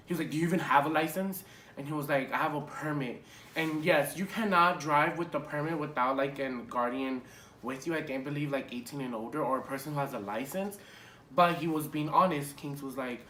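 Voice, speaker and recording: A young man telling a casual storytime vlog in an animated, profane way, full of fillers. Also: a little high. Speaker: vlogger. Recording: echoey room with faint hiss.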